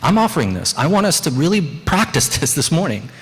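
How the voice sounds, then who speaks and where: A man's voice: very animated, fairly quick. A man preaching a sermon as pastor of a small church, earnest and candid with joking asides. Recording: long church reverb, faint rumble.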